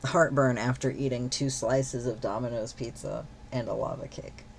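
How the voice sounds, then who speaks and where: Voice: medium pitch, steady tone, moderate pace, creaky, a little hiss or hum. A streamer chatting casually while gaming, rambling with lots of fillers and freely swearing.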